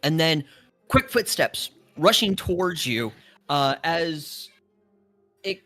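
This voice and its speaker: A man running a tabletop game as dungeon master, narrating in a relaxed, hesitant way with restarts. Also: a little high, takes it slowly, faint music behind.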